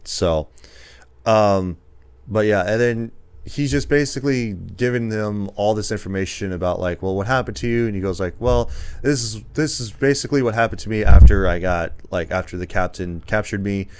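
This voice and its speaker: A man's voice: on the low side, moderate pace, a little mellow, slight background noise. A man co-hosting a casual movie review podcast, retelling scenes with quoted lines and plenty of fillers. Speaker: podcast co-host.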